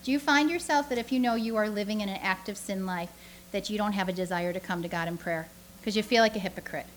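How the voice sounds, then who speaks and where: A woman giving a lively, conversational sermon to a church audience, full of rhetorical questions and asides. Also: medium pitch, fast, slight background noise. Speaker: speaker teaching a church audience.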